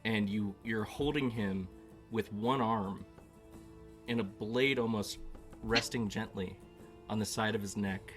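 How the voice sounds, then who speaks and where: A man's voice: lowish voice, measured pace, soft background music. A man narrating as game master of a tabletop game, joking and laughing easily as he describes scenes. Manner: relaxed, joking, laughs often.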